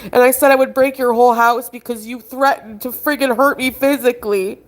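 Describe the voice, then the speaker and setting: High-voiced woman, distressed, pleading and accusing, livestream. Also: fairly even intonation, a little fast. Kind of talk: emotional livestream argument. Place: indoors, abroad.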